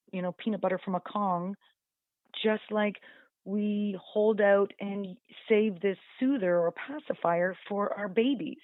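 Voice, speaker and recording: Heard through a dry, tinny line that sounds like a phone, a mid-range-voiced woman who trains dogs chats in a relaxed radio interview. She fills her speech with "you know" and acts out both dogs and owners to make her points.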